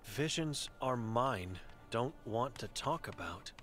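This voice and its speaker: A man's voice: medium pitch, animated, takes it slowly, fairly bright tone, faint music behind. A man reading the chalkboard words of an old blind, mute woman in a game, in terse, broken phrases. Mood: grim.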